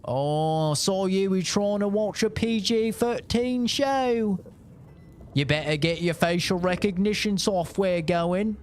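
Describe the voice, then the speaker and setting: A smug British bloke with a mock accent, jeering and pushed up high and loud, as an American streamer puts him on. He taunts in an exaggerated, sing-song way. Faint room hum sits behind him. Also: slow. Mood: taunting. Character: mocking, smug British bloke, adult man.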